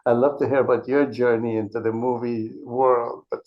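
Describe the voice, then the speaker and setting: Man explaining in measured tones. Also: medium pitch, level tone. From Caribbean. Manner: measured, explanatory, with frequent restarts. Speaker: author and interview guest. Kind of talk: conversational interview. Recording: dull lo-fi interview audio.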